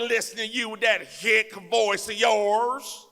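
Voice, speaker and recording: A man preaches from a church pulpit in a folksy, emphatic style that climbs into shouts. His voice sits very high and sounds sharp and forceful. Long reverb from the sanctuary hangs on every phrase. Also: steady tone, slow. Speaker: guest speaker, elected official. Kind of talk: fiery preaching.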